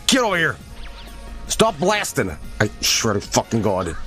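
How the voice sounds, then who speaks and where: A man streaming a game, joking and swearing with excitable commentary. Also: on the high side, unhurried, long pauses, soft background music. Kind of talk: casual live-stream commentary.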